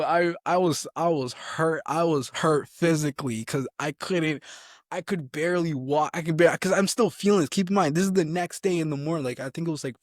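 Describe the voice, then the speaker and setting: A man's voice: fairly high pitch, no echo, clean studio sound. A young man in his twenties, an army soldier telling stories in a casual interview, rambling with restarts and acting out quotes.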